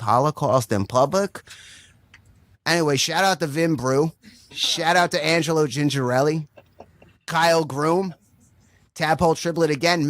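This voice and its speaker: A young man tells a loose, profane stand-up story with a somewhat high voice, tossing in "right?" every few lines. The sound is dry and close, with no room echo. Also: a bit bright. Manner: rambling, swears constantly, says "right?" often. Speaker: stand-up comedian.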